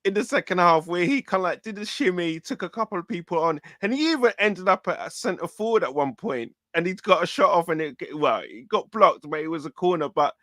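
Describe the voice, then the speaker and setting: A man chatting casually about a match, animated and often repeating his words. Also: high voice, brisk, few pauses, dry recording. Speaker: football fan show co-host. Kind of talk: casual match reaction chat.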